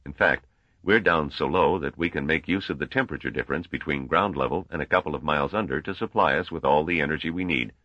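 A man's voice: extremely low pitch, fast, dry recording, highs cut off. A man voicing a genial but shrewd male stranger who talks in a chatty, knowing way. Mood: explaining.

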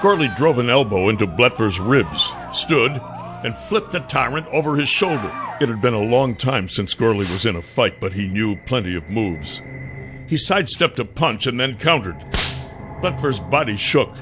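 A man's voice: mid-range voice, very animated, normal speed, music in the background. A man narrating a fantasy audiobook with dramatic storytelling.

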